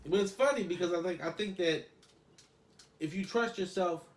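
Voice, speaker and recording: A man's voice: high voice, normal speed, reverberant. A man co-hosting a casual podcast chat, explaining his points through everyday examples. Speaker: podcast co-host.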